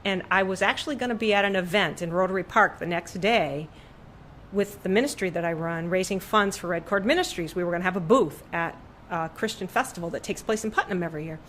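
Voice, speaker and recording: Middle-aged woman telling a lively story. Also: fast talker, slight background noise. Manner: animated, acts out quoted voices with big pitch jumps. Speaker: podcast guest, artist. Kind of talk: storytelling in conversation. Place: room with her paintings on the walls.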